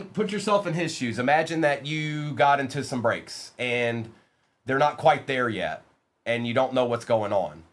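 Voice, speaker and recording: A man hosting a live-streamed trading card break, chatting with viewers by name and reading out lists of players. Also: mid-range voice. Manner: talks to chat viewers by name, reads lists of names quickly. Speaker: livestream card break host. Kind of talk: casual live-stream chat.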